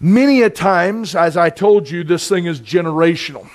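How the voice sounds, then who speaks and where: A middle-aged man preaching a sermon in a conversational, intense way, with sudden loud bursts. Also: high-pitched, moderate pace. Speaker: pastor.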